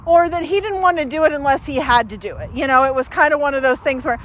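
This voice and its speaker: A woman's voice: high-pitched, quick pace, a bit bright, a little hiss or hum. A woman dog trainer giving a casual training demonstration, chatting with many fillers and breaking off for short, upbeat praise to the dog.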